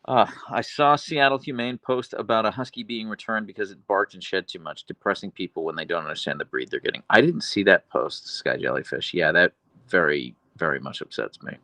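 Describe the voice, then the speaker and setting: Gravelly low-voiced man chatting on a livestream. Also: fairly quick, bright, forceful tone, no echo, low-quality recording. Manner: chatty, reads and answers viewer comments. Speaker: livestream host and dog owner. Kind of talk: casual livestream chat.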